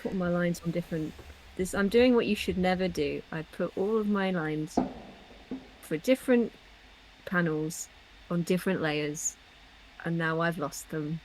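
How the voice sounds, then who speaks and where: A woman's voice: on the low side, a little slow, pauses often, a little mellow, slight background noise, poor audio. A woman co-hosting a drawing stream, making offhand joking asides as she works. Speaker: livestream co-host and artist. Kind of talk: casual chat while drawing.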